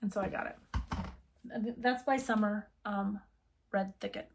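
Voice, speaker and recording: Her voice sits mid-range with fairly even intonation, a moderate pace and some creak. She's a middle-aged needlework shop owner from the US, talking in a chatty, rambling way and often cutting herself off.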